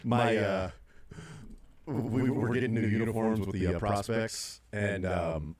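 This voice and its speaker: A man's voice: lowish voice, steady tone, measured pace, a little mellow. A middle-aged man hosting sports talk radio, rambling through his points with many fillers and restarts.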